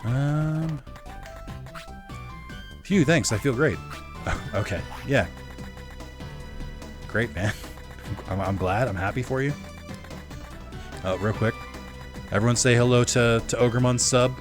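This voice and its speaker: A man's voice: medium pitch, a little slow, pauses often, over music. A man giving casual, rambling live-stream commentary while playing, chatting with viewers and correcting himself often. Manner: rambling, filler-heavy and self-correcting, chats with viewers.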